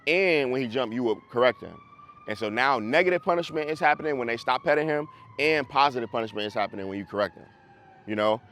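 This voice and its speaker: A man's voice: mid-range voice, expressive, fast, fairly bright tone, a little hiss or hum. A man, a dog trainer, coaching a group class in a casual, conversational way over a video call, often checking that listeners follow.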